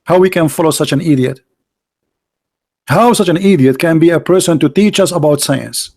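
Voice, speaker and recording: A man with a somewhat high voice holds forth in an argumentative monologue. He is emphatic and scornful and repeats words for force. He swings between loud outbursts and low, muttered asides. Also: normal speed. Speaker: street debater.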